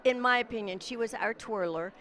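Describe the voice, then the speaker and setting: Bright-voiced woman in her 60s, teasing emcee. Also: on the high side, brisk, a faint crowd. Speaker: red carpet interviewer at a class reunion. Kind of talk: casual event interviews.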